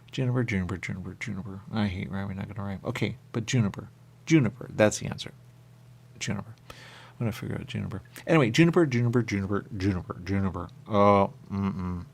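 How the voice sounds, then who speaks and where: A confused ghost of a dead man, put on by a man rambles in circles, repeating words and trailing into whispers. The voice sits very low with a gravelly rasp. It comes across as improvised comedy. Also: heavily acted. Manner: rambling, repetitive, drifting into whispers.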